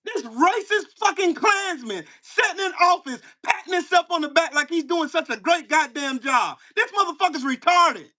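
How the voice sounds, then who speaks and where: A man hosting his own channel, delivering a heated, profane political rant at a commenter, firing rhetorical questions and bursting into shouts. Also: extremely high pitch, lively intonation, moderate pace, few pauses. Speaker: channel host. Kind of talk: angry political rant to camera.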